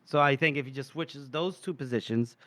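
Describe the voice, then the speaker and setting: A man's voice: mid-range voice, a little fast, fairly bright tone, no room sound. A man co-hosting a podcast, casually recapping and debating book scenes with easy laughter. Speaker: podcast co-host.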